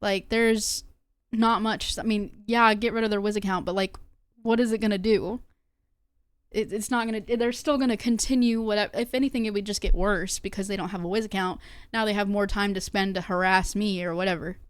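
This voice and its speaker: Young woman streaming, chatty and rambly, dead dry sound, middle pitch. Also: steady tone, fairly quick, clear, resonant tone, dry recording. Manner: rambling, lots of fillers and restarts. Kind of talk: casual livestream talk to chat.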